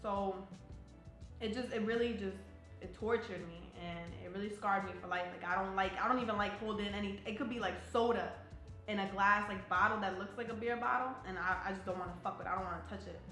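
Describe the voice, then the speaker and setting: A woman's voice: medium pitch, fairly quick, pushed and bright. Blunt, profane young woman. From New Jersey. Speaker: interviewee, army soldier. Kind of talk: casual personal storytelling. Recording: roomy echo, faint music.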